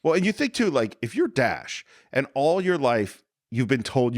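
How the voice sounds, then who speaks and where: A man's voice: medium pitch, sing-song, moderate pace, few pauses, dry recording, clean studio sound. A man hosting a podcast, casually and enthusiastically retelling film scenes and acting out the quotes. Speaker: podcast host.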